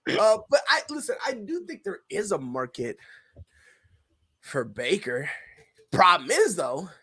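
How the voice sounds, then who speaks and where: A man hosting a sports talk show, joking loudly and acting out little scenes as he argues. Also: sits high, very animated, a little slow, slightly rough. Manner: loud, joking, acts out voices. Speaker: show host.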